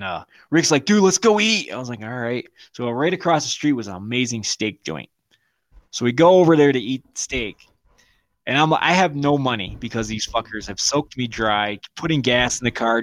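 A man's voice: medium pitch, moderate pace, fairly bright tone, no room sound. Guy on a podcast telling a crude story, lots of swearing and laughing, dry close sound. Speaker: podcast co-host. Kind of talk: casual storytelling chat.

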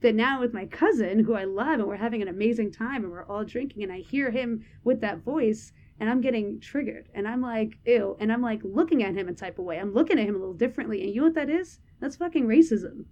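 A woman's voice: fairly high pitch, fast, hardly any pauses, warm tone, lo-fi sound. A young adult woman co-hosting a podcast, talking candidly in a loose, rambling way full of fillers. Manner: candid, rambling with many "like"s, laughs often. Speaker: podcast co-host. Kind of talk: casual chat.

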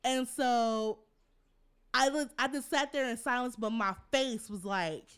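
Woman, young adult, podcast co-host, casual storytelling, slightly high voice, laughs often. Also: measured pace, a bit bright, smooth. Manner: chatty, laughs often, acts out quotes.

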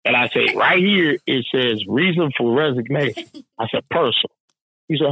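Animated gravelly man telling a story. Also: medium pitch, normal speed, highs cut off. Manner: animated, profane, laughing often. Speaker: supervisor telling a work story. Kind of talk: casual storytelling chat.

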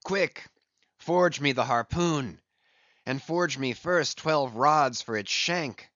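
A man doing a brooding, obsessed old sea captain from an audiobook, giving commands in slow, weighty, old-fashioned speech. His voice is plain in pitch, and the dry recording sounds a little dull. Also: a bit bright, no echo. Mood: intense. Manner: passionate, commanding, archaic speech.

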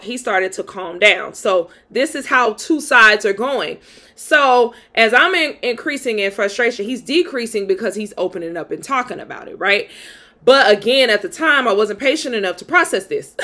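A woman's voice: fairly high pitch, bright, forceful tone. A young adult woman hosting a podcast, telling a personal dating story in a candid, chatty way with lots of "like" fillers. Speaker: podcast host. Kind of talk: casual storytime monologue.

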